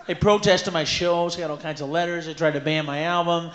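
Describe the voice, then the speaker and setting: A man's voice: fairly high pitch, fairly even intonation, fairly quick. Ranting, screaming stand-up man, live crowd. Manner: loud ranting, bursts into screaming shouts; profane, mocking voices of others. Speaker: stand-up comedian. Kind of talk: stand-up comedy set. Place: large live venue with audience. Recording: roomy live concert recording with crowd noise.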